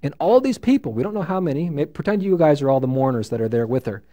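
A man teaching a Bible study to a live group, reading scripture aloud and explaining it in an animated way while asking his listeners questions. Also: fairly high pitch, fast talker. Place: room with a small group listening.

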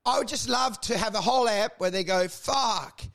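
Male comic, high gravelly voice, rambling storyteller who acts out every voice and keeps laughing. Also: quick pace, fairly bright tone. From Australia. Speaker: podcast co-host and stand-up comedian. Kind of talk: casual comedy podcast chat.

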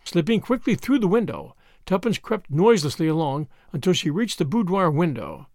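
A man reading a novel aloud as an audiobook narrator with expressive storytelling. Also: fairly high pitch, moderate pace, no room sound, studio quality. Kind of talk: scripted narration.

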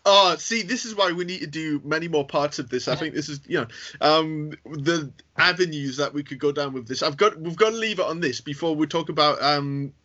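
A man hosting a casual interview, reacting eagerly and excitably to his guest's stories. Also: fairly high pitch, a little fast. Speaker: podcast host. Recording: slightly dull lo-fi sound.

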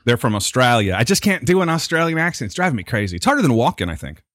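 Brief: joking male podcast co-host, lively pitch, dry room. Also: rapid-fire, dry recording. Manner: joking, teasing, plugs his friend's music. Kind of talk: casual chat.

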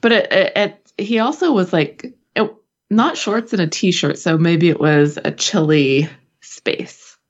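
A woman's voice: fairly low pitch, unhurried, lo-fi sound. A young woman co-hosting a podcast in casual chat, joking and trailing off mid-sentence. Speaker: podcast co-host.

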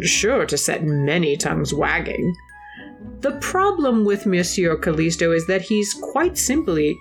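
A woman's voice: lowish voice, close to an everyday voice. A woman voicing a prim Regency society gossip columnist, reading an arch, genteel report. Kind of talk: mock-formal recap reading.

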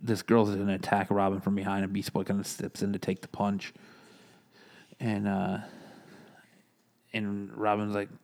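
A low, gravelly male voice with little rise and fall. He recaps and reviews comic books in a loose, rambling way, full of "um" and "like." He quotes the characters' lines in the same plain voice. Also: completely flat delivery, normal speed, long pauses, a little mellow. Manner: rambling, many fillers, retells lines in plain voice.

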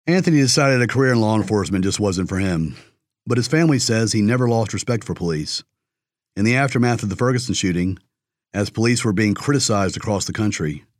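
A man giving measured scripted documentary narration. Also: on the low side, animated, no echo, studio quality.

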